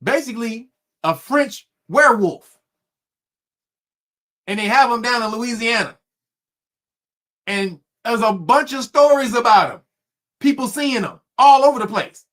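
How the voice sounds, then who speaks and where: Animated, profane male storyteller. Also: very high-pitched, measured pace, pauses often. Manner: profane, laughing often, animated. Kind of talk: casual storytelling commentary.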